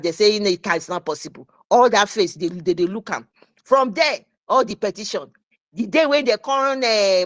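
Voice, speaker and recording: A Nigerian woman telling a story in an excitable casual chat, mixing in pidgin. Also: medium pitch, no echo.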